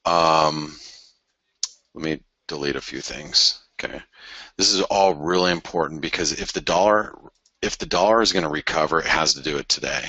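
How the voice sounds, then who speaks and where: Very deep-voiced excitable trading show host. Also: male voice, normal speed, slightly rough, no echo, highs cut off. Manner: excitable, exclaims at charts, thinks aloud. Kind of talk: live market commentary.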